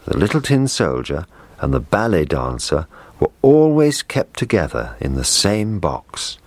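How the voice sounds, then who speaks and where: A man reading a children's story aloud in a gentle, measured storytelling manner. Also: deep voice, slightly rough, no room sound.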